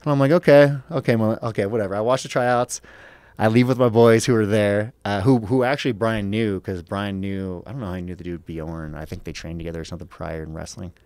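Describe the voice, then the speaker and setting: A man's voice: fairly low pitch, fairly even intonation, quick pace, a little mellow, clear, resonant tone, dry recording. A man in his thirties, an MMA fighter on a podcast, telling a story casually with lots of swearing and acted-out quotes.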